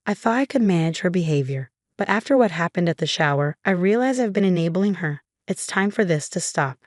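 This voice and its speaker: A weary, regretful older father who speaks heavily, as a woman narrator puts him on. The voice is low and the sound dry. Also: lively intonation, fairly quick, dry recording, close to an everyday voice. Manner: weary, heavy.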